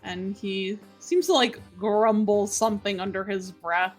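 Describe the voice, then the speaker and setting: A woman narrating a tabletop game as game master, in a relaxed, hesitant way. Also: medium pitch, a little slow, faint music behind.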